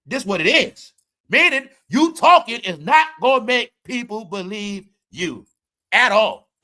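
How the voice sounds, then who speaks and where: A man's voice: a little high, bright, forceful tone. A man hosting a commentary show, ranting in a mock-courtroom style and swearing freely. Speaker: show host.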